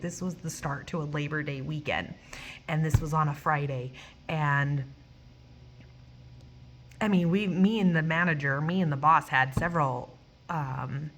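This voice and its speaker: Woman vlogger with a slightly low voice, telling a story casually, emotional and animated. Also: a little hiss or hum. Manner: animated, acts out quoted voices, swears; emotional, near tears at times.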